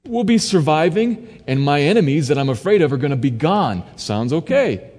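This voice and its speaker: A preacher doing a self-satisfied ancient king, pitched well above his own voice, brushing off bad news with an offhand shrug. The voice rings out with a long reverb trailing behind it. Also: big pitch swings, moderate pace, a little mellow. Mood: smug. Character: smug relieved ancient king, male adult.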